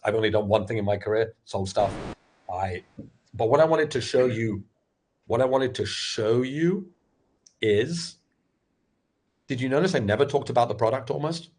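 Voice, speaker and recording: Animated husky-voiced middle-aged man. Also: medium pitch. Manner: animated, candid storytelling with frequent restarts. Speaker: sales expert and former startup founder. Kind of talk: webinar talk.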